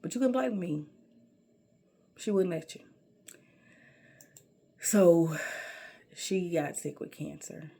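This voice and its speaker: A woman's voice: fairly low pitch, animated, slow pace, gravelly, long pauses, warm tone. Sassy woman telling her life story. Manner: sassy, emphatic, calls listener baby. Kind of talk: personal storytelling monologue.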